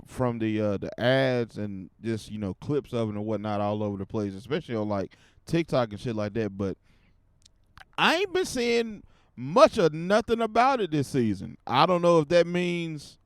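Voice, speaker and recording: A man hosting his own podcast, giving casual commentary in a profane, animated rant. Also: fairly high pitch, clear, resonant tone, dry recording, clean studio sound. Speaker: podcast host.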